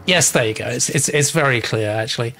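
A man's voice: medium pitch, a little fast, creaky, music in the background. An English man hosting a casual panel chat over a video call, reading out viewer comments in a chatty way. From England. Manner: warm, chatty, breaks into laughs. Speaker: host of a manuscript feedback show.

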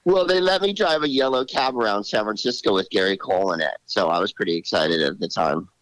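A man in his sixties, a comedian guest telling animated stories in an interview and slipping into voices. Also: on the low side, brisk, dry recording, poor audio. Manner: animated, drops into character voices. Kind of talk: storytelling interview.

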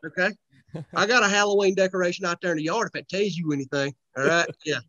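A man's voice: sits high, fairly even intonation, fast talker, bright, forceful tone, no echo, lo-fi sound. A young man, chatting as a comedy guest in a laid-back, joking, folksy way. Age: young adult. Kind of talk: casual podcast chat.

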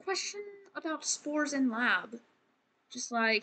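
A woman's voice: a little high, moderate pace, sharp tone, slight background noise. A woman streamer giving casual, chatty, self-deprecating commentary while she plays a life-sim game. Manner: chatty, self-deprecating, says "man" and "frickin'" a lot.

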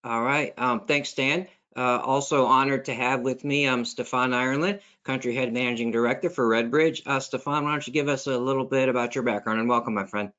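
A man's voice: medium pitch, steady tone, a little fast, few pauses, a bit bright. Chatty man hosting a webinar. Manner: chatty, self-deprecating, filler-heavy. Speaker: webinar host. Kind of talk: webinar presentation. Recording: lo-fi online call audio.

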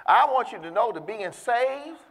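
A man with a high voice preaches a sermon in a church. He speaks emphatically and calls out to his listeners, drawing out the words he wants to land. The sound carries a long hall reverb. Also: lively intonation, creaky, fairly bright tone. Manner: emphatic, calls out to the congregation, slows down to stress key words.

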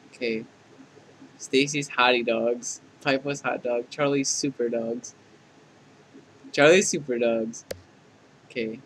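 A man's voice: mid-range voice, slight background noise, voice pushed down, natural voice, poor audio. A man playing a bumbling young game hero. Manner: fumbling, self-conscious storytelling. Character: young adult man, a dating-game player character, sheepish and bumbling. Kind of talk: fan dub of a dating game.

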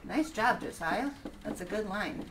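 A woman teaching a classroom lesson, reading lines slowly and counting out syllables with her pupils. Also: mid-range voice, lively intonation, heavy background noise.

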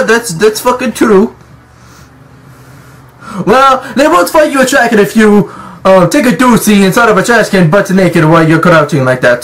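A man hosting a gaming channel, giving jokey, profane let's-play commentary and scolding the game's characters. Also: high-pitched.

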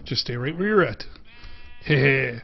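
A man's voice: mid-range voice, lively intonation, measured pace, husky, dull audio. A man with a Pittsburgh accent giving casual gameplay commentary as a game reviewer, chatting playfully to the animals he passes.

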